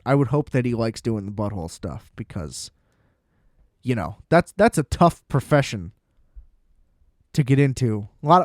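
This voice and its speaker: A young man hosts a podcast and rants through a comedic story, animated and self-deprecating. His voice sits at an ordinary middle pitch. The sound is close and dry, with no room in it. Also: no room sound. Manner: animated, self-deprecating, acts out quotes with frequent laughs. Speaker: podcast host.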